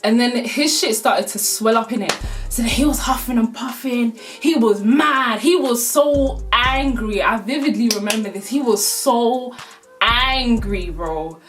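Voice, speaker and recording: A woman's voice: fairly high pitch, a little slow, faint music behind. A young woman telling a casual storytime, full of slang and swearing, with laughs through the telling. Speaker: vlogger.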